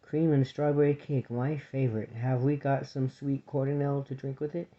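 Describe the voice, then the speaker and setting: A man voicing a kindly elderly male abbot who speaks gently and patiently, on a dull lo-fi recording. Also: medium pitch, flat delivery, moderate pace, close to an everyday voice. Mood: gentle. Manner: gentle, patient and soft-spoken.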